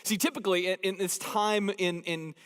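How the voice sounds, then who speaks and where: A man preaching a sermon in a large hall, with a high voice and a long reverb tail behind it. He speaks conversationally and mixes jokes into his teaching. He drives key points home by repeating phrases with emphasis. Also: steady tone, moderate pace, a bit bright, clean tone. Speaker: pastor.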